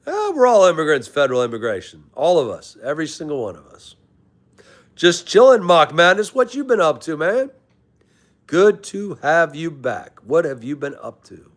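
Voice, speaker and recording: A man's voice: on the high side, big pitch swings, normal speed. Casual man chatting on a livestream. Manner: friendly, greets chatters by name, calls them brother. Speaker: livestream host reading chat. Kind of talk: casual live-stream chat.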